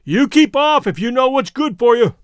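A man voicing a menacing big male fisherman outlaw who shouts threats across the water. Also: very high-pitched, expressive, moderate pace, clear, resonant tone, dry recording, studio quality, voice pushed up. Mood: threatening.

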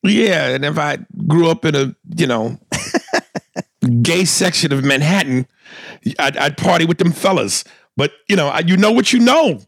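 A male podcast co-host with a gravelly, creaky voice, reading a listener email before drifting into loose banter. He gets animated and stammers when excited, and often breaks into laughter. The sound is close and dry. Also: on the high side, a little slow, dry recording. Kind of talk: casual chat.

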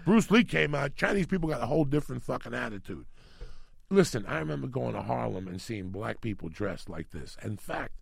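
A middle-aged New York man with a low, heavily gravelly and husky voice, telling stories in a profane, rambling way. The sound is dry and close, with no room in it. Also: no echo. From New York City. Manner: profane, rambling, animated storyteller. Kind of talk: casual storytelling chat.

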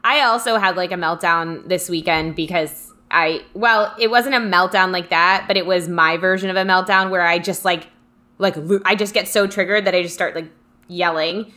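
A woman's voice: on the low side, normal speed, sharp tone. A young adult woman co-hosting a casual live chat, rambling and reflective, with lots of fillers. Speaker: co-host reading live comments.

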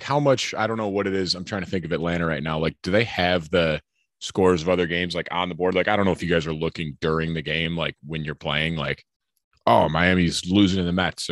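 A man's voice: low voice, fairly even intonation, fast, fairly bright tone, no room sound, studio quality. A young man co-hosting a casual podcast, chatty and curious, asking questions and teasing his co-host. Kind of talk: casual chat.

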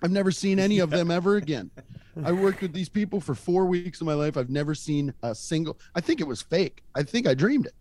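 A man's voice: fairly high pitch, fairly quick, slight background noise. A young man telling a funny story in casual chat, laughing as he goes. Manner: animated, laughing through his stories. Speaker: comedian guest.

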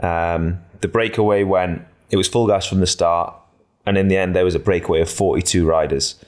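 Low-voiced man, chatty pundit. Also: fairly quick. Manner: relaxed, rambling, many ums and restarts. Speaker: podcast co-host, cycling pundit. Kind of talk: casual podcast chat.

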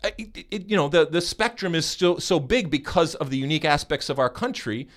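Animated American man hosting a podcast. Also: a little high, brisk. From United States. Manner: animated and teasing, with many restarts. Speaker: podcast host. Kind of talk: casual podcast chat.

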